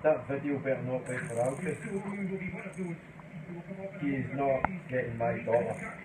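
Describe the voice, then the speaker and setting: A man's voice: medium pitch, fairly even intonation, unhurried. A father teasing in a dry, protective manner from across the room during a home video. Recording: distant, roomy, with loud noise.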